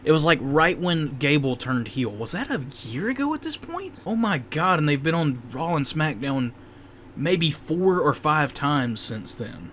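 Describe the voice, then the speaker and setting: A man's voice: a little high, very animated, unhurried, fairly bright tone, a little hiss or hum. A young man casually reviewing a wrestling show in a rambling, candid way, often stopping to correct himself.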